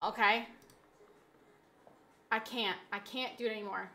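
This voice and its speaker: A woman streamer in casual live-stream chat, pleading dramatically with her viewers and swinging from soft begging to loud shouting. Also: a little high, steady tone, unhurried.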